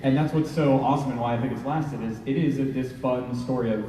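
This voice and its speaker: A man's voice: mid-range voice, fairly even intonation, brisk, dark tone, a little hiss or hum. A man moderating a convention panel, eager and affirming in a casual way. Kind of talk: casual interview questions. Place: large convention hall, indoors. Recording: echoey hall, distant mic, faint crowd.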